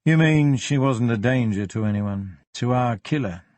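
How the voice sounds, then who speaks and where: A man voicing a quiet, reflective police detective in an audiobook, speaking in a measured way. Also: medium pitch, no echo, lightly acted. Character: thoughtful male police detective inspector.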